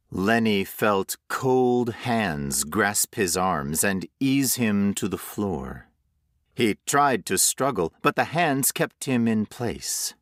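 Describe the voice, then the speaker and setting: Male audiobook narrator, horror story, unhurried, expressive pitch, dry close mic. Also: dry recording.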